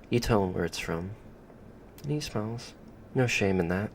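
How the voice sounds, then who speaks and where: A man narrates a story in the second person, calm and unhurried. His voice is deep and gravelly with vocal fry, and a faint background hiss runs under it.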